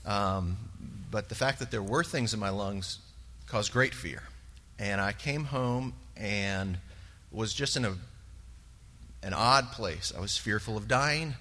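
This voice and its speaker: A man sharing a personal testimony in church, earnest and halting, with many pauses and fillers. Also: on the low side, pushed and bright. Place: church sanctuary. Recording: long reverb of a large hall.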